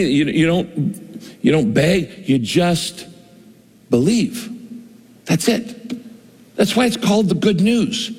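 A man's voice: on the high side, a little mellow, breathy edge, in a large hall. A male pastor preaching a conversational sermon, acting out the voices of the people he quotes.

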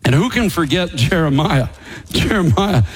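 A male pastor preaching a sermon at a Bible college, retelling scripture in an animated way and laughing lightly now and then. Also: fairly high pitch, normal speed, husky.

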